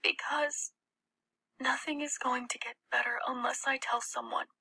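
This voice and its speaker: Woman narrator putting on a hushed, frightened teen girl; breathy storybook whisper. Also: a little high, normal speed, pitched above the performer's own voice, exaggerated voice, rough recording. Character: frightened teenage girl confiding quietly.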